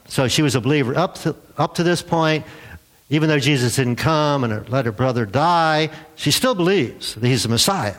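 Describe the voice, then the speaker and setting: A man preaching a sermon as a pastor, in a relaxed, conversational way. He acts out the quotes he tells and chuckles now and then. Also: on the high side, moderate pace.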